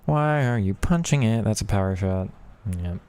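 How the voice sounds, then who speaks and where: A man's voice: fairly low pitch, expressive, normal speed, darkish tone, smooth. A man streaming a football video game, talking casually and with frustration at the match while chatting with viewers. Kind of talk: casual gaming commentary.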